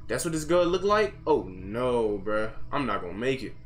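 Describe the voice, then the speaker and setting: A man's voice: mid-range voice, big pitch swings, moderate pace, slight background noise. A young man giving panicky, jumpy commentary as he plays a horror game. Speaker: gamer. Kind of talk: horror let's-play commentary.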